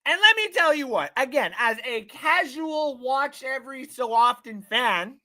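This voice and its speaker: A man hosting a casual live-stream sports talk show, swearing often, rambling excitedly and reading out viewer comments. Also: very high voice, a little slow. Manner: reads out and thanks chat viewers.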